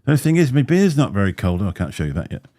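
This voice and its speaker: A man's voice: mid-range voice, sing-song, racing, warm tone. A man hosting a livestream, chatting in a rambling way with a slight lisp and frequent laughs. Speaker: livestream host. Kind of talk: casual chat. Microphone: desk microphone.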